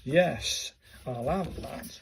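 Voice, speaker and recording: Slow chatty man. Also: mid-range voice, vocal fry, background noise. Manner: chatty, self-questioning, talks to viewers. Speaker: vlogger learning calligraphy. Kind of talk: casual thinking-aloud tutorial.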